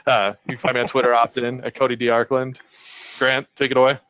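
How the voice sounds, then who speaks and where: A man's voice: mid-range voice, flat delivery, fast, a bit bright, no room sound, lo-fi sound. Joking, playful male presenter. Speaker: tech marketing guest. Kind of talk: casual panel chat and presenting.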